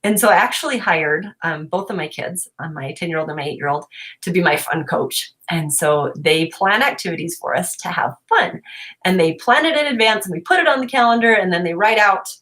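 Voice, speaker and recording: A woman in her thirties, a homeschooling mom, telling a funny family story on a casual livestream from home, laughing often as she goes. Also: fairly quick. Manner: animated, laughing, voices her kids in high pitch. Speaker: mom vlogger.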